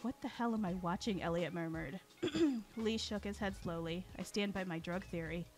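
Woman storyteller, lively character reading, soft music under her voice. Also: on the low side, normal speed. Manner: lively character reading with frequent throat clearing.

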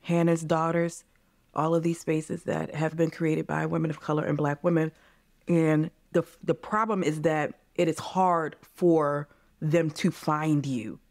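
An American woman in her forties, appearing as a guest on a podcast, speaks in a deep, darkish voice with fairly even intonation and an unhurried pace. The sound is clean studio audio with no room sound. In this candid interview she talks earnestly and passionately, often addressing listeners as "you guys."

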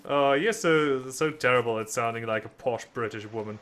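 A man's voice: medium pitch, normal speed, fairly bright tone. A young man chatting casually while playing a co-op game, often stammering and restarting, a bit flustered and wry. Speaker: gameplay host. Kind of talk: casual gaming chat.

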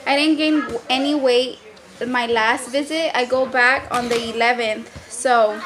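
Chatty high-voiced woman vlogger. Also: steady tone, a little slow, a bit bright, slight background noise. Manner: chatty, laughs often. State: pregnant, very full after eating. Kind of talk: casual chat. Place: restaurant, then home by the Christmas tree.

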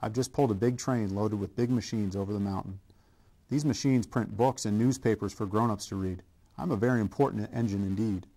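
Brief: big proud storybook freight engine, bellowing and pompous, read by a man, low gravelly voice. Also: fairly quick, mellow. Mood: haughty. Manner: bellowing and self-important.

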